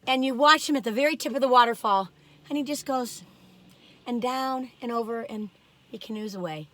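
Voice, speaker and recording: A woman's voice: a little high, normal speed, sharp tone, slight background noise. A woman vlogging alone from her parked car, rambling through stories and exclaiming often. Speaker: food review vlogger. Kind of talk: chatty solo vlog.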